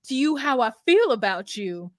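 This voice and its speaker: A woman's voice: on the high side, normal speed, no room sound, studio quality. A young woman co-hosting a casual recap chat, laughing often and acting out what people said. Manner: laughing, animated, acts out quotes. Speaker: podcast co-host.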